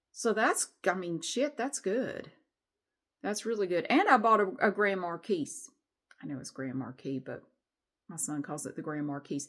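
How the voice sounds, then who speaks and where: A middle-aged woman, venting candidly in a rambling, frustrated way with some swearing in a casual vlog. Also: medium pitch. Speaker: vlogger.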